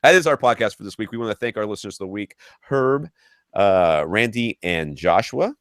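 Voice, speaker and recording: A man around forty hosts a podcast, his voice low and deep. He rants through stories with big swings in his tone, often restarting his sentences. The sound is close and dry on a studio mic. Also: fairly quick, dry recording. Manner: animated ranting storyteller, frequent restarts. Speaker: podcast host. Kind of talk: casual podcast chat.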